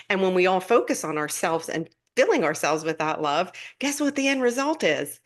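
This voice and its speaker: A woman's voice: fairly low pitch, sing-song, moderate pace, few pauses. Earnest woman giving a spiritual talk. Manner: warm, earnest, laughs often, loose and rambling with restarts. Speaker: spiritual teacher hosting a live stream. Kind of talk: casual spiritual talk on a live stream.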